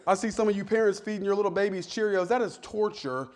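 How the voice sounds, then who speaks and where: A man's voice: high voice, fast talker. A male pastor giving a sermon with humorous, self-deprecating stories.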